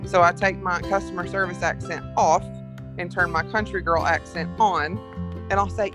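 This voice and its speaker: A woman with a Southern American accent, a coffee entrepreneur talking frankly and telling animated stories as a podcast guest. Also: lowish voice, moderate pace, music in the background. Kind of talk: casual podcast conversation.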